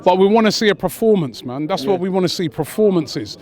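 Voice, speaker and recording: A young man chatting excitedly as a fan after a match, repeating himself with lots of fillers. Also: high-pitched, brisk. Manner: animated, repeats phrases, many fillers. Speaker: interviewed fan. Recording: crowd noise outdoors.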